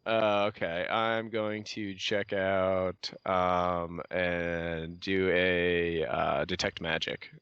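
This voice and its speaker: A man playing a tabletop game, thinking aloud deliberately. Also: sits low, little pitch movement, fairly bright tone, clear, resonant tone, no room sound. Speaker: player. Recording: dull, dry lo-fi recording.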